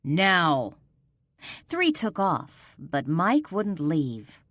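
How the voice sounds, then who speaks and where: A woman narrating a paranormal romance audiobook in a measured, expressive storytelling manner. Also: low voice, no room sound. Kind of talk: scripted narration.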